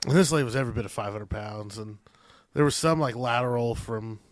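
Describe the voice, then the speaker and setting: A man of middle pitch tells rowdy work stories. He is animated and profane, slipping in quick asides as he goes. His voice is recorded dry and close. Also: no room sound. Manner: animated, profane, laughing storyteller. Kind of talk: casual podcast storytelling.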